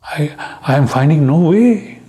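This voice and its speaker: An older man tells a personal story in a slow, unhurried way. His voice sits fairly high for a man. He speaks earnestly and acts out the quoted dialogue as he goes. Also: lively intonation, warm tone. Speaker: guest speaker.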